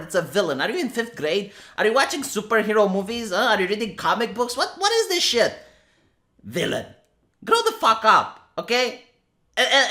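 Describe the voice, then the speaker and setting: A woman's voice: on the high side, sharp tone. A woman from Romania giving an exasperated, sarcastic commentary rant, reading out posts and repeating herself. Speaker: commentary streamer. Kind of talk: ranting commentary reading tweets.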